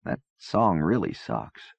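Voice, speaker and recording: A man's voice: sits low, big pitch swings, slow, creaky, dry recording, exaggerated voice. A man voicing a weak, barely conscious young man who talks faintly and teases dryly. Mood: wry. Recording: dull dry cassette-era recording.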